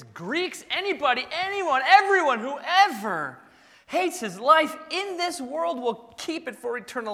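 A male pastor preaches in a bright, high voice that jumps all over its range. He swings between loud bursts and quiet asides, and his voice rings out in the long reverb of a large church hall. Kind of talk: sermon. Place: church sanctuary.

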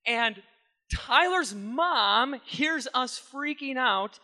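A young man preaching and telling a story from his own life. His voice sits high and sounds bright and forceful, and he acts out the people he quotes in a lively way. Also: normal speed. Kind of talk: sermon with personal story.

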